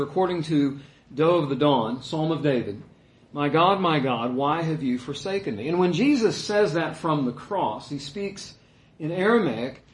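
A man preaching a sermon as a pastor, earnest and emphatic, pausing often with "uh". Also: on the high side. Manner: earnest, emphatic teaching with frequent "uh" pauses. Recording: echoey room.

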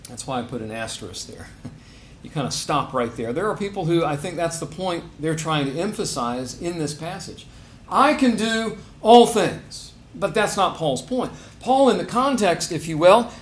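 A man's voice: on the high side, animated, normal speed. A man preaching a sermon in a conversational way, rising to emphatic stresses on key phrases. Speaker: pastor.

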